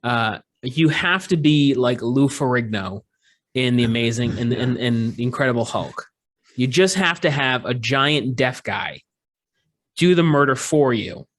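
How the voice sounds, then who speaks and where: A man's voice: medium pitch, expressive, unhurried, fairly bright tone. Rambling joking male podcast host. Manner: rambling, joking, lots of fillers and restarts. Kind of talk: casual podcast chat.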